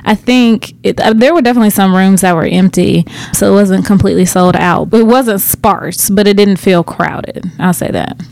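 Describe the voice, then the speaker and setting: Female podcast co-host, relaxed and conversational. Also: medium pitch, moderate pace, creaky, hardly any pauses, dry recording. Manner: relaxed, brief agreeing replies. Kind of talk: casual chat.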